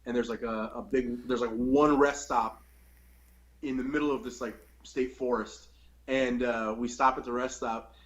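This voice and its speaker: A man's voice: mid-range voice, fairly even intonation, moderate pace, rough recording. Profane rambling young man telling stories. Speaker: podcast host. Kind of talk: casual storytelling chat.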